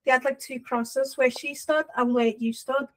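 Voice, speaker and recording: A woman's voice: high voice, steady tone, normal speed. A woman co-hosting a podcast, eagerly telling a story in casual chat with a British accent. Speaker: podcast co-host.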